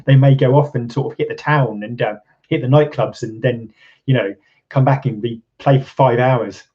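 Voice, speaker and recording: A man's voice: mid-range voice, fairly even intonation, moderate pace, dull audio. A man from England hosting a casual live stream, rambling with lots of ums and restarts and chuckling often. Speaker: channel host. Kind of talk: casual live-stream chat reading viewer comments.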